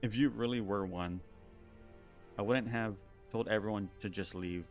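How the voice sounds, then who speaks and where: A battered female android doll, calm and defiant, with a quietly mocking edge, voiced by a man reading game dialogue on stream. The voice sits deep and low. Her words come steady and unhurried. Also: soft background music, natural voice.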